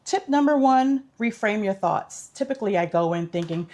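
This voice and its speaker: A woman's voice: mid-range voice, normal speed, darkish tone. A woman vlogger giving casual tips in an upbeat, chatty, instructive way.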